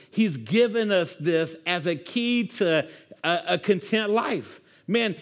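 Male pastor, high-pitched, laid-back conversational sermon, peppers lines with "man". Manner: casual, says "man" constantly, conversational preaching.

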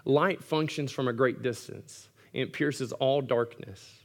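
A man's voice: mid-range voice, unhurried, vocal fry. A male pastor delivering a sermon earnestly, with occasional wry humorous asides.

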